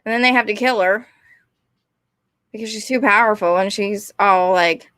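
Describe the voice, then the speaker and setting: A woman's voice: mid-range voice, moderate pace, a bit bright, no room sound, clean studio sound. A young woman, ranting casually and rambling, often apologizing and putting herself down. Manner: rambling, apologetic, self-deprecating. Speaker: vlogger.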